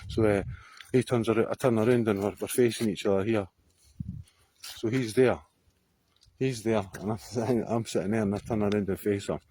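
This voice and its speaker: A man's voice: lowish voice, steady tone, fairly quick, long pauses, warm tone, a little hiss or hum. A Scottish man telling a story to camera outdoors on a hillside, rambling, swearing freely and often laughing. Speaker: vlogger.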